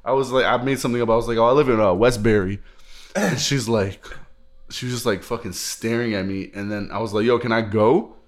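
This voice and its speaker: A young man from the New York area, a podcast guest telling stories in a crude, blunt, animated way. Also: on the low side, fairly quick. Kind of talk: casual podcast chat.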